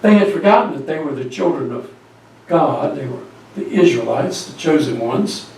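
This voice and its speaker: Guy preaching, storytelling, a bit high voice, super echoey church, mic kinda far. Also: expressive, normal speed, a little mellow, a little hiss or hum. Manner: storytelling, asks the congregation questions. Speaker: pastor. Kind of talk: sermon. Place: church sanctuary.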